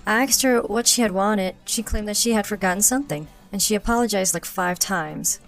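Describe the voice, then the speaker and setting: A woman's voice: medium pitch, a little fast, faint music behind, pitched above the performer's own voice, close to an everyday voice. A woman doing an uneasy young woman. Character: uneasy young woman on holiday with her partner. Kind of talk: storybook narration.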